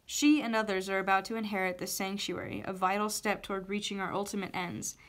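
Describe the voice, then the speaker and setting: A scheming, wounded witch, read by a woman in a storybook chapter. She speaks in a coaxing, haughty way, with a mid pitch. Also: steady tone, fairly quick, a bit bright, close to an everyday voice.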